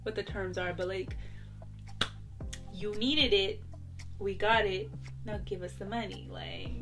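A woman's voice: medium pitch, a little slow. Giggly young woman ranting casually. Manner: laughs often, exaggerated mock retorts. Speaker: vlogger. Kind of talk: casual chatty rant to camera. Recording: soft background music.

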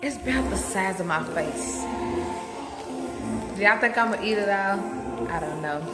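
A woman talks to her phone camera at arm's length, loose and chatty, calling her viewers "y'all" and laughing between thoughts. Her pitch sits in the middle of the range. Music plays clearly in the background. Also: expressive, unhurried, pauses often. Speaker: vlogger, mother. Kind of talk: casual vlog chat to camera. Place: outdoors and in a car, sunny day.

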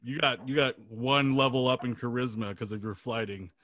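A man's voice: medium pitch, normal speed, a bit bright. A man hosting a casual gaming podcast, chatty and rambling, laughing easily. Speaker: podcast host. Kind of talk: casual chat.

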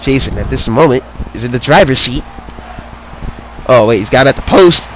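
A man giving casual play-by-play commentary on a wrestling video game match, excitable and swearing, drifting into rambling asides. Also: mid-range voice, fairly quick, slight background noise, rough recording.

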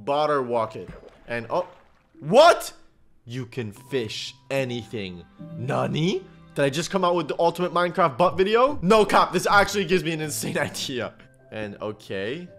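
A young man giving excitable, slang-heavy reaction commentary on game clips, laughing often. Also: on the high side, moderate pace, faint music behind.

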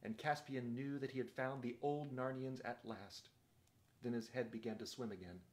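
A man reading a novel aloud in a steady, measured narrating voice. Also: mid-range voice. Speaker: reader.

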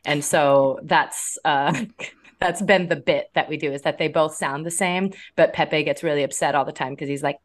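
Chatty woman podcast guest, low-ish voice. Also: fairly even intonation, normal speed. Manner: chatty, laughs often, many restarts. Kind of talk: casual interview chat.

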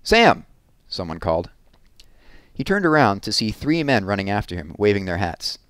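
A man reading a novel aloud, with steady storytelling and lively voiced dialogue. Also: lowish voice, moderate pace, clean tone, dry recording, clean studio sound. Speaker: reader.

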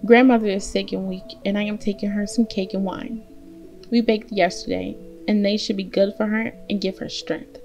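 A woman's voice: medium pitch, steady tone, normal speed, a little mellow, soft background music, close to an everyday voice. A woman voicing an innocent, trusting young girl in a read-aloud fairy tale. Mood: polite.

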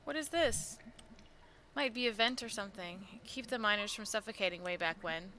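A young woman streaming a game, reading its text aloud in a slow, plain way. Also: medium pitch, bright, forceful tone, slight background noise. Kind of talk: live-streamed playthrough reading.

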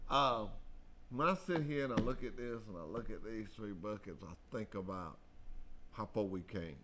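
A man hosting a local radio talk show, folksy and excitable, often repeating himself. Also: lowish voice, moderate pace, slight background noise.

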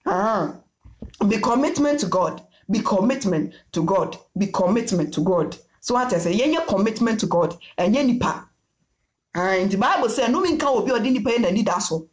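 A woman's voice: mid-range voice, expressive, moderate pace, echoey room. A woman preaching a sermon in Twi with English phrases, repeating her key lines again and again. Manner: repetitive call-and-response preaching, mixing Twi with English phrases. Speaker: prophetess preacher.

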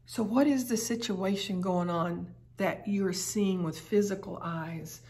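A woman's voice: medium pitch, measured pace, darkish tone. A woman teaching a daily Bible study in an earnest, emphatic way, often repeating her phrases. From United States.

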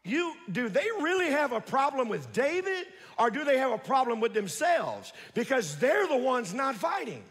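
A male pastor preaching a sermon, telling the story with animated delivery and calling out to the congregation. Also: very high voice, normal speed, few pauses, breathy edge, long reverb tail. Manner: builds to shouting at peaks.

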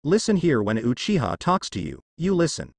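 A man's voice: fairly high pitch, wildly swooping pitch, moderate pace, gravelly, husky, dry recording, studio quality, full character voice. A man reading the part of an arrogant, bullying teenage ninja boy who sneers and makes demands. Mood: arrogant, sneering.

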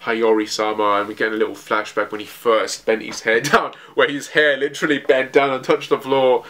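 A young man giving an excited, rambling recap of manga chapters, full of fillers and restarts. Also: medium pitch, fairly quick. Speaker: manga reviewer.

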